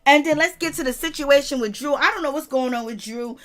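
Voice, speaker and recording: A woman with a high, bright-pitched voice gives unfiltered commentary on a reality show. She's blunt and sassy, laughs a lot, and keeps calling out to her live chat in a loose, casual flow. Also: brisk.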